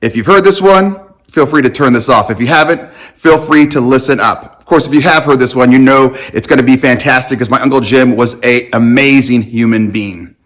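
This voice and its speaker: Man, long snapping coach, casual storytelling, animated, joking, affectionate, mid-pitched voice. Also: a little fast.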